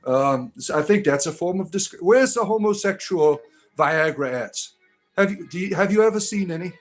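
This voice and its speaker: A man's voice: sits high, expressive, moderate pace, faint music behind. A man hosting a casual live stream, rambling and joking as he greets viewers by name.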